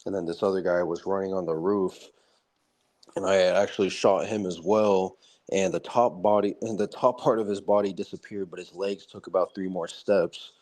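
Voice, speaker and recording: A man putting on a calm male ex-soldier who tells grisly war stories in a flat, nonchalant, unhurried way. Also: low-pitched, lightly acted.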